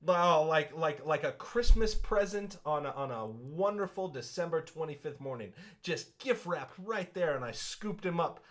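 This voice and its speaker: A man co-hosting a casual sports podcast, his voice sitting a little higher than most men's. He tells stories with playful, over-the-top flourishes. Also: expressive, normal speed, hardly any pauses, a bit bright. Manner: playful, exaggerated storytelling. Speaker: podcast co-host.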